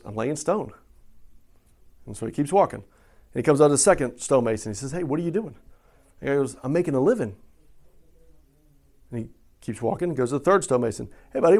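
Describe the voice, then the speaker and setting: Conversational preacher, slightly high-voiced man. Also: creaky, a little mellow. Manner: conversational, asks questions and tags lines with "right?". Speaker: pastor. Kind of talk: sermon.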